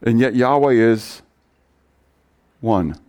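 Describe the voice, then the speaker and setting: A man's voice: medium pitch, takes it slowly, darkish tone, clear, resonant tone. A man preaching a sermon, reading scripture aloud and often asking the congregation questions. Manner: reads scripture aloud with rising emphasis. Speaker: pastor.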